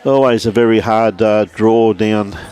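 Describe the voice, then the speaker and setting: Behind a glass window beside the green, an Australian man gives chatty live commentary on a lawn bowls stream, greeting viewers by name like mates. His voice is on the low side and clean, a little mellow, steady in tone and measured in pace.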